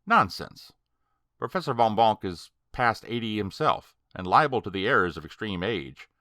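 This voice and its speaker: A man voicing an uneasy, skeptical gentleman in an audiobook, talking nervously and emphatically. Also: on the low side, expressive, normal speed, no echo, clean studio sound. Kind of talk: audiobook character reading.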